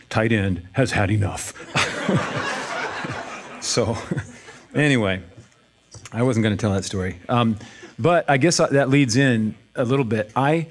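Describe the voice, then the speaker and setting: A middle-aged man pastor speaking in a church, conversational and self-deprecating, with halting restarts. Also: mid-range voice. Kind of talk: casual sermon talk.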